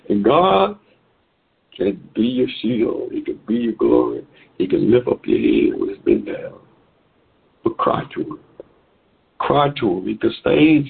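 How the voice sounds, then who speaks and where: A man's voice: mid-range voice, vocal fry, breathy edge. A man preaching a sermon to listeners on a conference call, exhorting in a repetitive preaching cadence. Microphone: phone call. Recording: tinny phone line.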